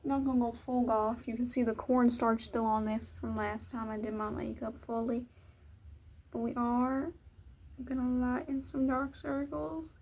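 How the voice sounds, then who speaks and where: A young woman with a fairly high voice rambles through a casual get-ready-with-me while she does her makeup at home. She is chatty and pokes fun at herself as she goes, with a faint hiss behind her. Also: level tone, a little slow, a little mellow. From Virginia, US. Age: young adult. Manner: rambling, self-mocking, chatty. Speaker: vlogger.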